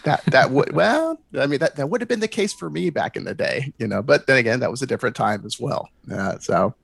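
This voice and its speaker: A man's voice: mid-range voice, expressive, brisk, creaky, fairly bright tone, slightly rough, dry recording. A man speaking as a panelist in a casual online discussion, a bit hesitant and stumbling, often laughing.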